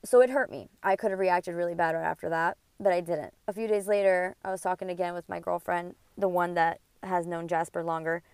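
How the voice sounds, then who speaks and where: A woman's voice: fairly low pitch, fairly even intonation, a little fast, few pauses, a little mellow, clean tone, dry recording. Fired-up, foul-mouthed woman podcast host. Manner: profane, indignant, rambling. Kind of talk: heated personal storytelling.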